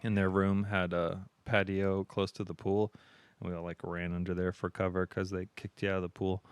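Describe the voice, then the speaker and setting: Low, smooth-voiced man telling a story. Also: flat delivery, normal speed, dry recording. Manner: rambling storyteller, lots of fillers. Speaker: podcast co-host. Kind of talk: casual chat.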